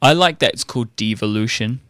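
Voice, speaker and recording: A British man in casual conversation, talking haltingly with dry understatement. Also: mid-range voice, a bit bright, dry recording. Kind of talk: casual chat.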